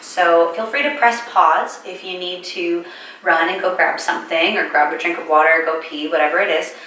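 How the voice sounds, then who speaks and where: A young woman, guiding a gentle yoga class with calm, encouraging breath cues. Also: lowish voice. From California, United States. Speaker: yoga instructor. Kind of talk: guided yoga class instruction. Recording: very echoey room, mic at a distance, faint noise.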